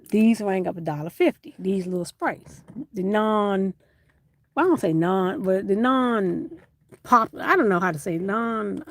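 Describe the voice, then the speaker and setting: A woman hosting a casual livestream, reading viewer comments aloud and greeting people by name with bursts of excitement. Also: mid-range voice, dry recording. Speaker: livestream host.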